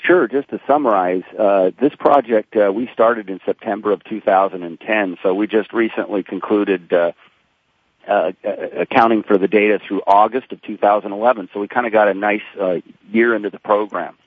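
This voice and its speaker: A man guesting on a radio interview, explaining figures in a halting way with many fillers. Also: lowish voice, breathy edge, dry recording. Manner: halting, lots of fillers and restarts, factual. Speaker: corporate sustainability guest. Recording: tinny phone line.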